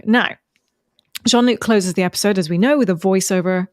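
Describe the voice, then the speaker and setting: A woman's voice: medium pitch, fairly quick, darkish tone, clear, resonant tone, dry recording, studio quality. A woman co-hosting a podcast, chatting casually and rambling with many ums. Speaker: podcast co-host. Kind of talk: casual recap chat.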